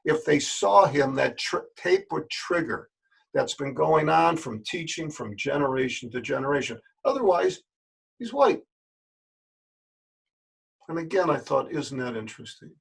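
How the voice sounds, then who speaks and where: An older man with a gravelly, husky voice that sits fairly high for a man. He speaks to his listeners as a yoga teacher in a plain, folksy way. He is earnest and repeats words for emphasis. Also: very animated, measured pace, pauses often. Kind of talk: spoken address to camera.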